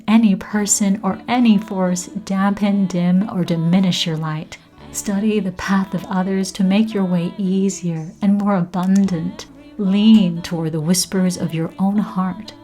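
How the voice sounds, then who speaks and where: Woman podcast host, unhurried intimate narration slipping into whispers, soft music underneath. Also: medium pitch, steady tone, poor audio. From Canada. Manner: slow, soft and intimate, often dropping to a whisper. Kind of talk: scripted reflective narration.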